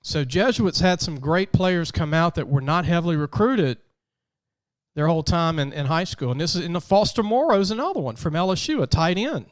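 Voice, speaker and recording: Chatty man hosting a sports podcast. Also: on the high side. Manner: chatty, repeats words and says um often. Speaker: podcast host. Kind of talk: casual sports talk.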